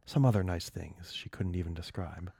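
A man's voice: low voice, vocal fry, slightly rough, no room sound, clean studio sound. A man co-hosting a podcast, reading an erotic short story aloud for laughs and often breaking up. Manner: slow, lively reading broken by laughing fits. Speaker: podcast co-host. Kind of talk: comic reading of erotic fiction.

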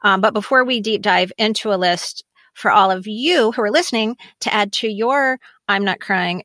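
A middle-aged woman co-hosting a casual podcast chat, talking in quick, chatty bursts with lots of interjections. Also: mid-range voice, a bit bright, no room sound. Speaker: podcast co-host.

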